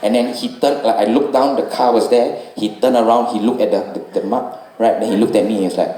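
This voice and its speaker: A man's voice: lowish voice, steady tone, quick pace, dark tone, roomy sound, low-quality recording. A man with a Singaporean English accent doing stand-up storytelling, loose and rambling with lots of "you know" tags. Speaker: stand-up comedian.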